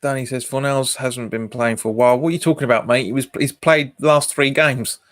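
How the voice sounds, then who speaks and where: A man's voice: mid-range voice, fairly even intonation, a little fast. A man, hosting a football watch-along stream, chatting casually, laughing often and reading out viewer comments. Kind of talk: casual live commentary and chat.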